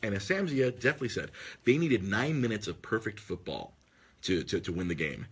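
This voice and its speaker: A podcast host telling an excitable story in casual chat, swearing freely and breaking into loud, shrieking impressions. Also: male voice, fairly low pitch, fairly quick, breathy edge. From Los Angeles area.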